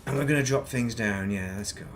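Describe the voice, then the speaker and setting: A man's voice: mid-range voice, fairly quick, slight background noise. Grumbling British man streaming a game. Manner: grumbling, muttering and swearing at the game. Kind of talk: casual gaming commentary.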